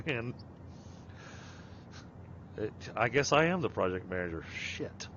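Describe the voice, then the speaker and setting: A man's voice: fairly low pitch, lively intonation, slow, fairly bright tone. Man, casual gaming chat, rambling, self-deprecating, muffled lo-fi mic, noisy. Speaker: streamer and project manager. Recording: dull lo-fi mic with noise.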